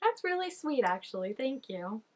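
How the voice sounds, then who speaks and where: A young adult woman with a high voice and big pitch swings talks at normal speed while reacting to a TV episode as a vlogger. Her style is casual and chatty, packed with fillers, regular laughter, and mock-dramatic exclamations at the screen.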